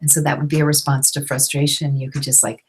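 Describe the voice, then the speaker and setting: A woman's voice: deep voice, little pitch movement, fast, a little hiss or hum, poor audio. A middle-aged woman teaching an online class, talking casually with many fillers and restarts. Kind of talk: casual teaching, reading out questions.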